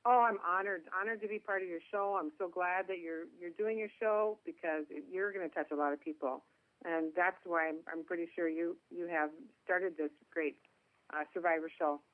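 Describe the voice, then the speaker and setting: A woman's voice: fairly low pitch, steady tone, normal speed, dry recording. A woman from Minnesota with a Minnesota accent, a guest talking in a chatty, joking way. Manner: chatty, self-deprecating humor. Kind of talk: phone interview. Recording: tinny dry phone line.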